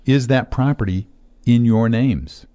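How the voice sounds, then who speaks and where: A middle-aged man, a financial advisor, explaining estate matters in casual talk-show chat, steady with frequent fillers. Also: mid-range voice, a little slow.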